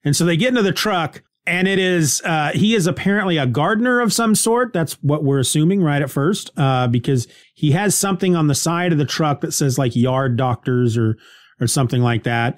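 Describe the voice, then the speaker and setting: A man's voice: on the high side, a little fast, dry recording, clean studio sound. A man hosting a podcast, casually recapping a TV episode in a rambling way, restarting sentences and laughing lightly.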